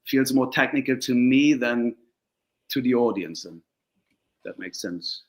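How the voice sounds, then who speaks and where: A man's voice: mid-range voice, a little slow. A man, an actor whose first language is Turkish, chatting in a casual interview and acting out the people in his stories. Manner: animated storyteller, acts out quoted voices.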